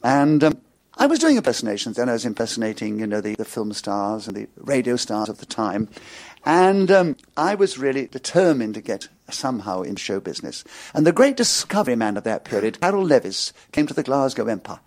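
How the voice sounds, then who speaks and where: Older posh English storyteller with a stutter. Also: male voice, medium pitch, brisk. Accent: English upper-class. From England. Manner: lively, amused raconteur. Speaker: interviewee. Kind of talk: anecdotal storytelling.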